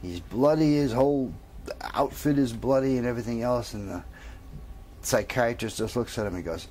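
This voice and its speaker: A man's voice: mid-range voice, darkish tone, a little hiss or hum. A man telling a long joke in a casual storytelling manner. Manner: casual storytelling, drawn-out pauses. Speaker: comedian.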